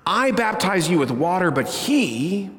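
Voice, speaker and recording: Animated man preaching in a reverberant hall. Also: a little slow. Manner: animated, swings from loud bursts to hushed low tones. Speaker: pastor. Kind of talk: sermon. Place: church sanctuary.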